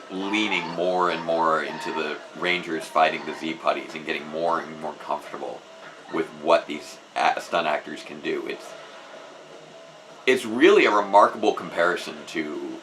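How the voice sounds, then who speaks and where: A man's voice: deep voice, background noise. A man hosting a casual live stream, chatting with enthusiasm and often restarting his sentences. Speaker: host.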